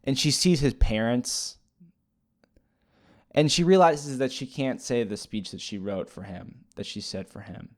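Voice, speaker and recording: A man's voice: medium pitch, unhurried. A man casually retelling a movie plot as a reviewer, rambling and hesitant with many fillers and restarts. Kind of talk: casual spoken movie recap.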